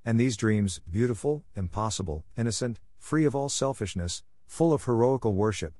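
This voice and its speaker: A man narrating a classic novel in a measured, gentle reading. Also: mid-range voice, lively intonation, dry recording. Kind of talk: scripted storybook narration.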